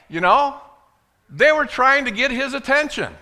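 A male preacher delivers a sermon with a lively, wide-ranging pitch. His voice is bright and forceful. He swings between loud, emphatic lines and hushed asides. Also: moderate pace. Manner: animated, swings from loud to hushed, dramatic retelling.

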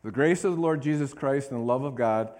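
A man's voice: mid-range voice, a little fast, darkish tone. A male pastor preaching a sermon, reading scripture with emphasis and drawing call-and-response amens from the congregation. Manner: reads scripture aloud with emphasis.

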